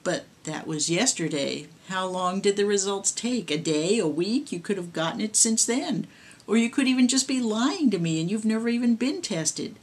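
A woman reading the part of a female ghoul who poses as a wary young woman, in a calm, matter-of-fact voice. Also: medium pitch, moderate pace, slightly rough.

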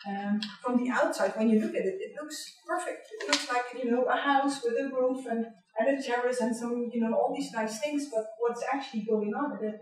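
A middle-aged woman with a Dutch accent, giving a candid, personal university lecture in a large hall, often pausing on "um" and checking in with "right?". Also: a little high, darkish tone. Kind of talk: public lecture. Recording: echoey hall, distant mic.

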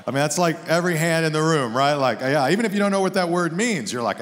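A middle-aged man preaching in a church sanctuary, his voice sitting a little higher than most men's. He tells stories with lively, joking energy. The sound rings out with a long hall reverb behind every phrase. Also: brisk. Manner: animated, humorous storytelling. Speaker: guest pastor. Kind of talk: sermon.

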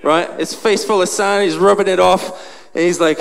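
A man's voice: a little high, a little fast, vocal fry, few pauses. A man preaching a sermon, animatedly acting out a story and out of breath. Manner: animated, acts out the scene. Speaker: pastor. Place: large church hall. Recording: long hall reverb, faint noise.

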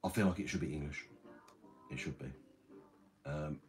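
A man with a very deep, low voice hosts a casual livestream. He rambles and swears freely as he answers chat, with faint music playing behind him. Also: normal speed. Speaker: livestream host reading chat.

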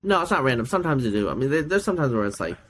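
A middle-aged man, a podcast guest and geneticist, chatting casually and telling stories, with many fillers and laughs. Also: racing. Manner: animated storyteller, acts out quoted people with big pitch jumps. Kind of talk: casual chat.

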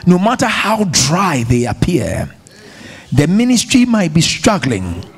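A man's voice: on the high side, sing-song, a little slow, slightly rough. A man with an African accent preaching a sermon to a congregation, emphatic and rousing, calling on listeners to repeat after him. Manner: emphatic, call-and-response with congregation. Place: church hall with congregation.

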